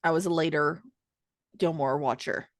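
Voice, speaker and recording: A woman in her thirties co-hosting a casual chat, excitable and animated, with many fillers. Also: deep voice, moderate pace, no room sound, clean studio sound. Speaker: podcast co-host.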